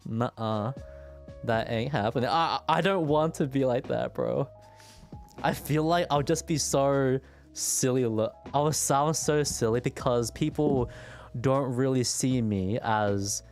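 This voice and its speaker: A man's voice: medium pitch, creaky, a little mellow. A man streaming and chatting casually with his viewers, stuttering and repeating words as he talks.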